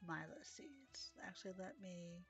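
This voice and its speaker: A woman's voice: fairly low pitch, lively intonation, measured pace, a bit bright, soft background music. A woman live-streaming a horse game, chatting casually with viewers, sleepy and yawning, with little gasps and exclamations. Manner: chatty, reads chat aloud, gasps and exclaims.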